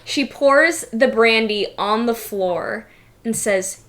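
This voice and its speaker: A woman's voice: on the high side, takes it slowly, fairly bright tone. A woman narrating a tabletop game as game master, casual and full of fillers.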